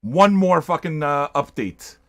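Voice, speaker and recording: Loud, profane older male stream host. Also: fairly high pitch, expressive, unhurried. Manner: loud, profane, hyped-up, shouting at times. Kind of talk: livestream chat with viewers.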